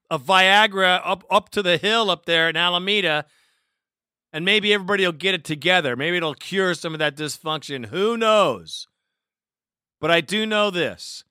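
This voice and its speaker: A man's voice: high-pitched, pushed and bright, clear, resonant tone, no room sound, studio quality. A man hosting a sports talk show, ranting in a heated, profane way and taking listener calls. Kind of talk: angry fan talk show rant.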